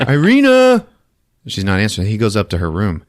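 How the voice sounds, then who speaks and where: A man's voice: low-pitched, steady tone, very fast, no echo, studio quality. A man hosting a podcast, recapping a film in casual chat, laughing often and acting out scenes as he goes. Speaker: podcast host.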